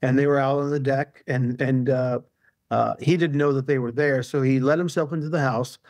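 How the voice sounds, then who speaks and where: A man's voice: medium pitch, fairly even intonation, moderate pace, darkish tone, no echo. A male author, a guest in an interview, telling a long anecdote casually with many fillers and restarts.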